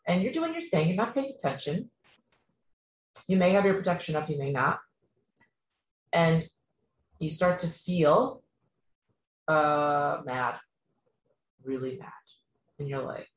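A woman's voice: low-pitched, animated, slow, long pauses. A woman giving an earnest spiritual teaching talk, speaking straight to the listener and often checking in with "okay?". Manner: earnest, repetitive, addresses listener directly with frequent "okay?". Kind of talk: instructional talk to camera. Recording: echoey room with faint ambient noise.

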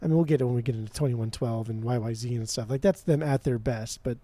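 A man's voice: mid-range voice, fast, mellow, no room sound. A man co-hosting a podcast in casual chat, blunt and emphatic, swearing freely. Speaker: podcast co-host.

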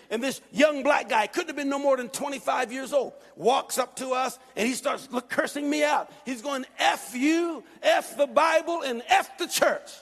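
Male pastor, sermon, high-pitched and emphatic, long hall reverb. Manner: emphatic, repetitive, preaching at a shout.

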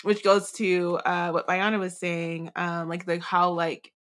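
A woman co-hosts a podcast, loosely discussing a book chapter in a rambling, casual way full of fillers and restarts. Her voice is lowish and a bit bright, with a flat, unhurried delivery.

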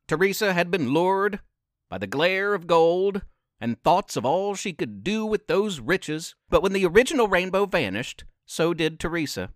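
A man reading a children's adventure story aloud as narrator, slow and expressive. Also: sits high, dry recording, studio quality. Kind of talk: scripted narration.

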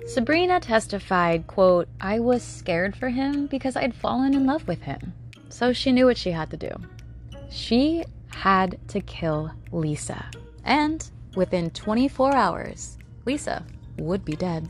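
Female true crime podcast host, mid-pitched, chatty narration with snarky asides, faint music underneath. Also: expressive, unhurried, a little mellow. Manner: conversational, with sarcastic asides.

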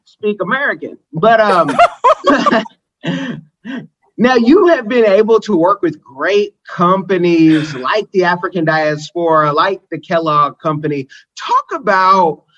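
A man hosts a casual interview in a playful, easygoing way, chuckling as he asks things. His voice sits a little high. The audio is slightly dull and lo-fi. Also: lively intonation, slow pace, a bit bright, a little hiss or hum. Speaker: interview host.

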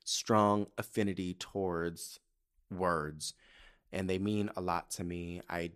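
A man's voice: low voice, fairly even intonation, takes it slowly, a bit bright, clear, resonant tone. Young male podcast host, casual solo storytelling, candid and profane, emotional about his past. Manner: candid, profane, emotional, often tearful and laughing.

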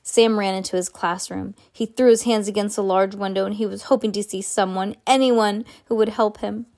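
A woman reading a children's chapter book aloud, stumbling and correcting herself as she goes, and punching out the sound words. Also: mid-range voice. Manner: halting, self-correcting read-aloud with lively sound words. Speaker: reader.

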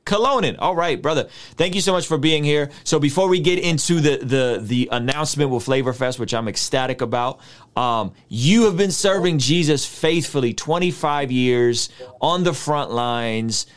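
A man's voice: a little high, moderate pace. A male podcast host with a slightly raised voice. He brings a lot of energy and hype to his introductions, then asks his guest open questions. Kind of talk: podcast interview.

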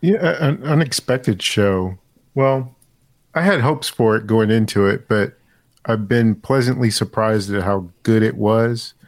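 A man's voice: fairly low pitch, a little slow, dry recording. A man in casual podcast chat, hesitant and groping for words, with many ums.

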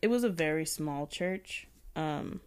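A young woman with a fairly low voice talks through a story in relaxed podcast chat. She rambles, leans on "like" constantly and breaks into laughter often. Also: measured pace, clear, resonant tone. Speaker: podcast co-host. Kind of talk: casual chat.

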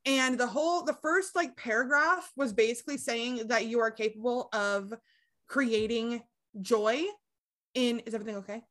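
A woman's voice: fairly high pitch, moderate pace, fairly bright tone. A young woman, a recovery coach, candidly telling her story as a podcast guest, with lots of fillers and casual swearing.

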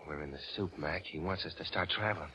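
A brash gruff sergeant. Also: male voice, deep voice, fast, bright, forceful tone, full character voice. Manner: brash, grumbling, wisecracking. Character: gruff American army sergeant from Newark. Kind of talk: 1940s radio drama acting. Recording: old radio recording with faint hiss.

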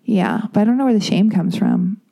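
A woman's voice: mid-range voice, brisk, vocal fry, warm tone. A woman hosting a podcast, chatting candidly and rambling through embarrassing stories with self-deprecating humor. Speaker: podcast host. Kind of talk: casual podcast chat.

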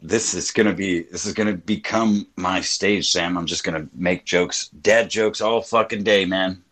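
Man, low voice, dry close sound, crude jokes, casual podcast banter. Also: moderate pace, a bit bright, no room sound. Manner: crude, joking, self-mocking. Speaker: podcast co-host. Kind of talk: casual profane chat.

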